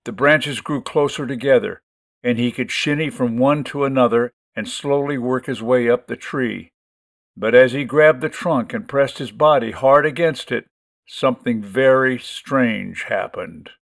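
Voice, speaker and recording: A man narrating a short story in a measured, expressive storytelling manner. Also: mid-range voice, gravelly. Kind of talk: audiobook story reading.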